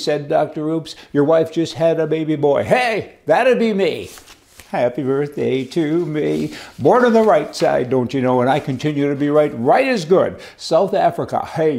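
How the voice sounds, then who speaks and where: A man's voice: fairly high pitch, warm tone. An older man giving rambling, folksy political commentary as host, with chuckling asides.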